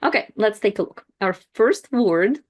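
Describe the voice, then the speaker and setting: A woman's voice: medium pitch, animated, normal speed. A woman teaching an online language lesson, explaining step by step in a casual way with frequent fillers.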